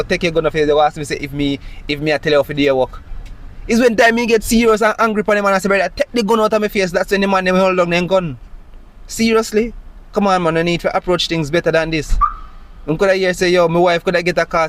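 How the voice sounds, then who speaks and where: A man with a Jamaican accent, speaking in an agitated, emphatic monologue full of rhetorical questions. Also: fairly high pitch. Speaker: citizen recounting a police stop. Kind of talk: impassioned monologue.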